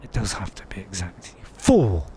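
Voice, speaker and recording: Man putting on a gruff, curt know-it-all buddy. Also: very animated, moderate pace, slight background noise. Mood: scolding. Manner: low, quiet, curt put-downs. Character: blunt, deadpan adult male friend, a know-it-all.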